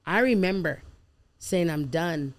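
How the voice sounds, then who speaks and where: A woman's voice: fairly low pitch, animated, measured pace. A woman guest on a podcast, telling her life story in casual chat and animatedly acting out the people and prayers she quotes. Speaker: podcast guest, food truck owner.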